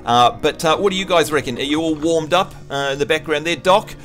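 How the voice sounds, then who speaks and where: A man's voice: on the high side, a little fast, fairly bright tone, soft background music. A man from New Zealand chatting casually and teasing friends while streaming a game. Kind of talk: casual live-stream chat.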